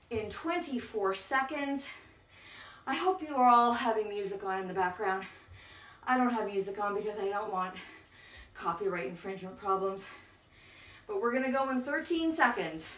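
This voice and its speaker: A woman's voice: a little high, animated, normal speed, pauses often, a bit bright, distant mic. An out-of-breath woman, a spin instructor, coaching a bike workout and counting down intervals with encouragement. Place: indoors on an exercise bike. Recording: echoey room, voice off-mic.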